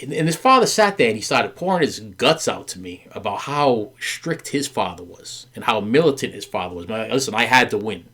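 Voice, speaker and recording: A man's voice: mid-range voice, a bit bright. An earnest middle-aged man talks candidly with his wife on a podcast. His storytelling rambles, stumbles over repeated words and leans on fillers. He acts out the people he quotes. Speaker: podcast host.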